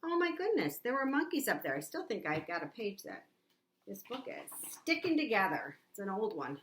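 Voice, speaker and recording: A woman teacher reading a picture book aloud to young children, animated and asking them questions. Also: medium pitch, normal speed. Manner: animated, asks the listener questions. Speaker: preschool teacher.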